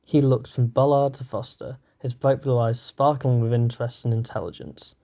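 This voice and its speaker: A man reading an audiobook, narrating in a steady, even voice. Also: mid-range voice, normal speed, few pauses. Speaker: audiobook reader.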